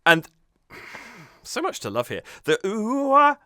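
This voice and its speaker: A man's voice: a little high, wildly swooping pitch, takes it slowly. A man hosting a music reaction channel, analysing a cover with enthusiasm and thinking aloud as he goes.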